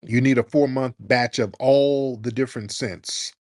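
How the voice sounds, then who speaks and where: A man hosting a livestream call-in, mocking callers in an animated, sarcastic way with sudden high exclamations. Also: unhurried, no echo, studio quality. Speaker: livestream host.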